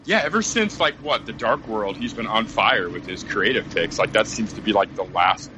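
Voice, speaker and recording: A man co-hosting a podcast, his lowish voice swinging lively as he tosses in wry, laid-back asides. A clear hiss sits behind his noisy mic. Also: normal speed. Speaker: podcast co-host. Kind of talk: casual podcast chat.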